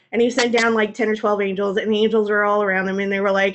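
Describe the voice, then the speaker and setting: A young woman co-hosting a podcast, retelling old stories in an animated, slangy, comedic way. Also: medium pitch, fast, hardly any pauses, a little hiss or hum. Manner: animated, slangy, acts out voices. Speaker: podcast co-host. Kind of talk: comedic storytelling.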